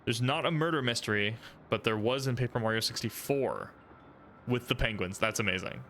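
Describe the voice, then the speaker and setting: A man's voice: mid-range voice, animated, fairly quick, fairly bright tone, a little hiss or hum. A man streaming a video game, chatting casually in a giggly, rambling, self-deprecating way. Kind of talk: casual gameplay commentary. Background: game music.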